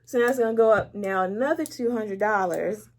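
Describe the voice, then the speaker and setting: A woman's voice: medium pitch, a little fast, a little mellow. Candid woman telling her story of faith and loss. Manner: candid and emotional, acts out quoted speech; laughs lightly between serious words. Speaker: interview guest. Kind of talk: personal faith testimony in conversation.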